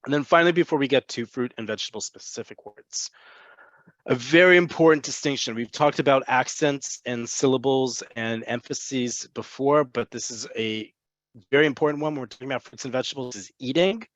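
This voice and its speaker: A man's voice: medium pitch, a bit bright, dry recording, highs cut off. Patient man teaching a language online. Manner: patient, explanatory, repeats words slowly for learners. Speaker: Hebrew teacher. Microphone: computer mic on a video call.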